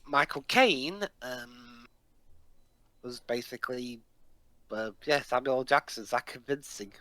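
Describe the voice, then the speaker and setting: A man's voice: mid-range voice, slow, sharp tone, no echo, low-quality recording. A man chatting casually and a bit hesitantly during a group movie commentary. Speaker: commentary co-host.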